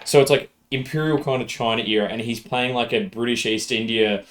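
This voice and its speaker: A man talking casually with friends at a gaming table, rambling and hesitant, full of fillers and restarts. His voice sits in an ordinary middle pitch. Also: brisk, a bit bright. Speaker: tabletop game player. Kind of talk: casual group chat. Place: room with several people at a table.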